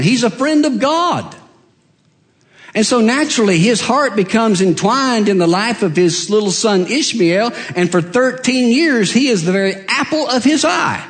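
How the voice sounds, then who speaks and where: A man preaching a sermon, telling the story with acted-out dialogue and humor, moving between soft low asides and raised, emphatic cries.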